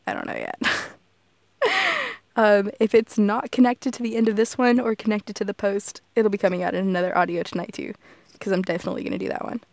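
A woman's voice: medium pitch, expressive, brisk, creaky, a little mellow, dry recording. Goofy Texas woman with a Southern accent. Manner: goofy, laughs often, swears casually. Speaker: audio creator. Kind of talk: casual solo chat.

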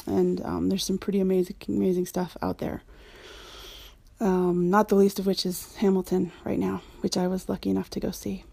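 Chatty woman with a dark, creaky voice. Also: mid-range voice, no room sound. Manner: chatty, frank, with frequent ums and laughs. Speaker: community member answering a questionnaire. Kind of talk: casual spoken questionnaire.

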